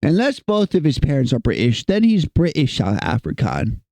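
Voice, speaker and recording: A man's voice: medium pitch, huge pitch swings, normal speed, gravelly, dark tone, dry recording. A man streaming casually, chatting with his chat in a playful, teasing way. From United States.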